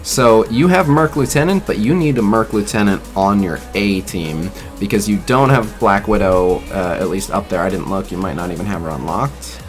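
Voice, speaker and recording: A man's voice: fairly low pitch, moderate pace, few pauses, soft background music. A man streaming a mobile game, rambling casually to his chat and a voice-chat guest, swearing freely. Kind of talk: casual live-stream commentary.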